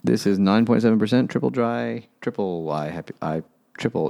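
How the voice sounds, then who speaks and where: A man's voice: lowish voice, normal speed, gravelly, mellow. A man co-hosting a casual book podcast over beers, laid-back and joking, rambling with restarts. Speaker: podcast host.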